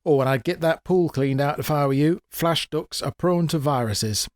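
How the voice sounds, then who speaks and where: A man's voice: a little high, normal speed, no room sound, studio quality, natural voice. A man voicing a shrewd, sly old woman who talks in a folksy, blunt, knowing way. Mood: menacing. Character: shrewd old woman, sly, tough-talking, feigns frailty.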